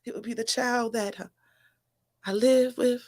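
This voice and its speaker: A woman's voice: a little high, fairly even intonation, unhurried, a little mellow. A woman poet, giving an earnest, emotional spoken-word recital. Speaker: poet, guest.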